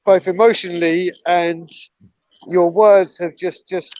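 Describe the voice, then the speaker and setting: A man with a notably high voice stumbles and repeats himself as he thanks his group. The sound is close and dry but a bit dull. He comes across as deeply touched. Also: steady tone, unhurried, darkish tone, no echo. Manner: emotional, stumbling, repeats words. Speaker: leader of a fan group. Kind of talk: casual emotional thanks on a video call.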